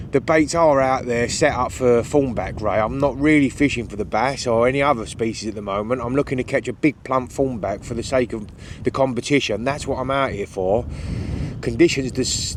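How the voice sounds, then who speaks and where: A man chatting casually to viewers as he talks them through his fishing, outdoors on an open beach at night. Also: medium pitch. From United Kingdom. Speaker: angler vlogger. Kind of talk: casual chat to camera. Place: open beach at night in strong cold wind. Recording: heavy wind noise on the mic.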